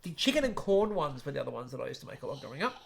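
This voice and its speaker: A man's voice: medium pitch, sing-song, rapid-fire, creaky, a little hiss or hum. A man from Australia co-hosting a casual chat podcast, joking and rambling with frequent laughs. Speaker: podcast co-host.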